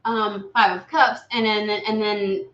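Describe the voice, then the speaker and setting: A woman giving a casual live tarot reading, blunt and profane, lively and often slipping into quoted voices. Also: mid-range voice, slow pace. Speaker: tarot reader. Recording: echoey room, dull lo-fi sound.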